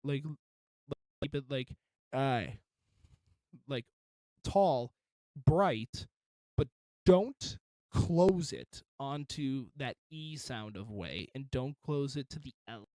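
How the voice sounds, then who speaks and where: A man's voice: mid-range voice, slow, dark tone, no echo. A man reviewing a song in casual commentary, encouraging and detailed about vocal technique.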